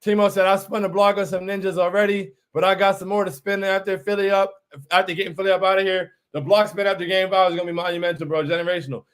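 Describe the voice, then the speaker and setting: A man in his thirties from New York runs a casual fan livestream, reading viewers' chat messages aloud in a fairly high, clear, resonant voice. He talks quickly and sounds hyped and animated, often repeating his own phrases.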